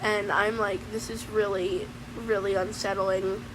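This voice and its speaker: A woman's voice: medium pitch, flat delivery, unhurried, background noise, close to an everyday voice. A woman voicing a laid-back young man with a mullet, telling a rambling comic story and ending nearly every sentence with "man". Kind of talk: comedic in-character story time.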